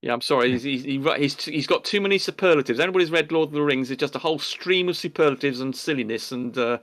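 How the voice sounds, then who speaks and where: A man's voice: medium pitch, quick pace, a bit bright. A man with an English accent in a casual online debate, talking in a pedantic, indignant way that rambles with restarts.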